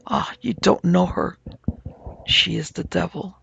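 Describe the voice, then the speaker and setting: A man's voice: high voice, measured pace, gravelly, a bit bright, breathy edge, no echo, dull audio, exaggerated voice. A man doing a feverish, haunted young drunk. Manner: pleading and peevish.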